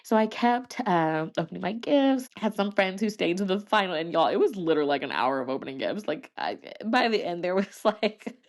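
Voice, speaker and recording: A woman's voice: on the low side, expressive, a little fast, few pauses. A woman, hosting a podcast and telling a personal story in a chatty, emotional way, laughing and restarting often. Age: 30s. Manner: addresses listeners as y'all and you guys. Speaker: podcast host.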